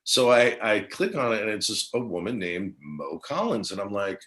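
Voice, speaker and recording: Lively, low-voiced middle-aged storyteller man. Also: normal speed. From New Jersey. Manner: rambling, animated storyteller who acts out quoted lines. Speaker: guest. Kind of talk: casual interview storytelling.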